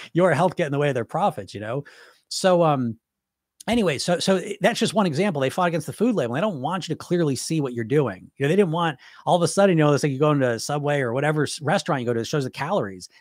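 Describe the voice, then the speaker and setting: A man's voice: a little high, no room sound, studio quality. A man coaching about weight loss in a casual, rambling live-stream talk, full of restarts and asides.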